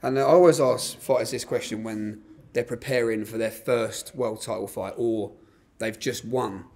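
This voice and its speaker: Gravelly male sports interviewer. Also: fairly low pitch, steady tone, normal speed, a little mellow. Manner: long leading questions.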